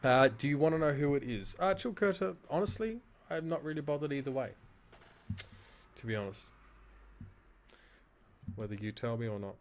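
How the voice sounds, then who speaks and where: Lässiger australischer Mann, flucht gern. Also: male voice, mid-range voice, lively intonation, moderate pace, long pauses. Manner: frank, swears freely, self-deprecating. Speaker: esports caster. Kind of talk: casual stream review of his own casting.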